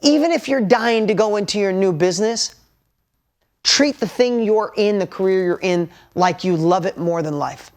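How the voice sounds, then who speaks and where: A man's voice: sits high, normal speed. Blunt, candid male motivational speaker. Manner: candid and blunt, with casual swearing; emotional, urging listeners to take notes. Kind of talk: motivational storytelling talk to an audience.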